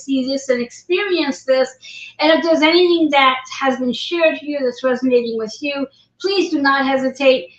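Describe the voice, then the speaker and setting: A woman hosting a livestream interview, chatty and encouraging, often repeating her words. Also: sits high. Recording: roomy, dull lo-fi livestream audio.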